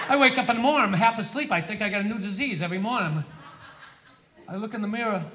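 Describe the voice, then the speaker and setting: A man's voice: high-pitched, quick pace, background noise. A man doing a profane stand-up routine on a theater stage, acting out both sides of his arguments. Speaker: stand-up comedian. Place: theater stage before a live audience. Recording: live theater with loud audience ambience.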